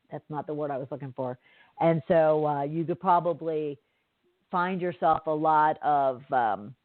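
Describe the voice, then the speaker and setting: A woman's voice: low voice, no room sound. A woman podcast host telling a story in a chatty, rambling way with many fillers and asides. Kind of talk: casual storytelling monologue. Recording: dry, tinny phone-like line.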